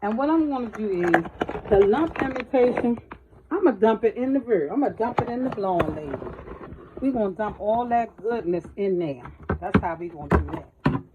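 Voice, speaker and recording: A woman's voice: medium pitch, expressive, moderate pace. A woman hosting a casual home cooking tutorial in her kitchen, chatty and folksy, calling her viewers y'all and baby, recorded on the camera mic as she moves around. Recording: dull lo-fi home video sound with faint noise.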